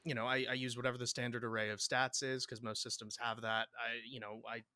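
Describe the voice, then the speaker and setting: A bright, forward-sounding man talks as a podcast guest. He rambles, restarts and repeats words, laughing often. The sound is dry and close. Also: medium pitch, flat delivery, quick pace, dry recording. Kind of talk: casual interview chat.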